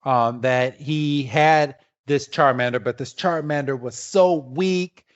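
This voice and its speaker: A man co-hosting a podcast in casual chat, retelling the plot with halting fillers. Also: medium pitch, lo-fi sound. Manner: rambling, halting, with many fillers. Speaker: podcast co-host.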